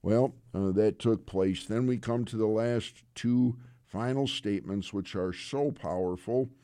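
A man preaching a sermon. He speaks earnestly and unhurriedly and often pauses on "uh". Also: lowish voice, warm tone, smooth, dry recording, studio quality. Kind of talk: sermon retelling scripture.

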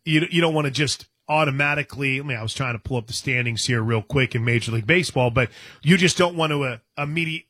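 A man's voice: mid-range voice, fast, sharp tone, husky, no echo. A man hosting a sports radio show, talking casually and reading listener messages from a studio microphone. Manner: rambling, reads listener messages.

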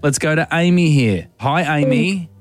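A man hosting a radio show, teasing callers in playful, excitable banter. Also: fairly high pitch, moderate pace, no room sound. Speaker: radio host.

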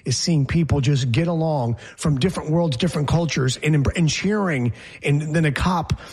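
Brash, husky-voiced male sports host. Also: fairly high pitch, moderate pace, a little mellow. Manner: brash, rambling, joking. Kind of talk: casual sports talk.

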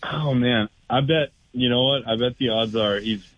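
A man calling in to a radio show, excitable and animated. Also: medium pitch, moderate pace, dry recording. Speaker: caller. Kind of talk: phoned-in radio call. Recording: muffled phone call.

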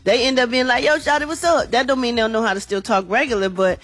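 A woman's voice: fairly high pitch, fast talker, a bit bright. A woman hosting a morning radio entertainment news segment, chatty and slangy, talking to listeners as y'all.

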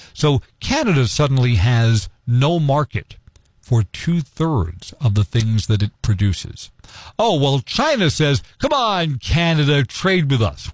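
A man's voice: medium pitch, darkish tone, dry recording, clean studio sound. A man giving a casual, wry explainer monologue with folksy asides. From United States. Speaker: commentator.

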